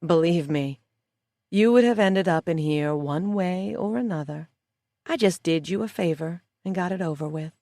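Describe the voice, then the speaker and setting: A woman voicing a cool, scheming woman who taunts slowly and softly in an audiobook. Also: fairly low pitch, no echo, studio quality, lightly acted. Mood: cold. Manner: slow, soft, mocking delivery. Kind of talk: audiobook character voice.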